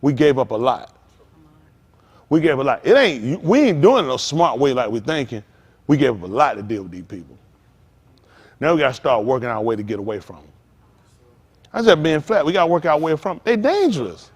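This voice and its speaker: A man's voice: medium pitch, sing-song, a little fast, long pauses, slightly rough. A man preaching a sermon as pastor, with call-outs to listeners and acted-out asides.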